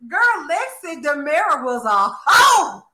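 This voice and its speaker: A woman hosting a casual chat, animated and gossipy, calling everyone honey and girl. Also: high voice, takes it slowly, a little hiss or hum. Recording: roomy echo.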